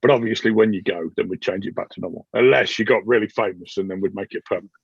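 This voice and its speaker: A man's voice: on the low side, fast, creaky, husky, dry recording, pitched below the performer's own voice. A man voicing an eager, polite male innkeeper who bargains slyly with a guest. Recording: dull dry recording.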